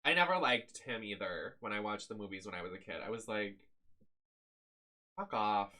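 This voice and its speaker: A man's voice: fairly low pitch, sing-song, fast talker, bright, forceful tone. A man live-streaming a video game, making sassy, crude, joking asides.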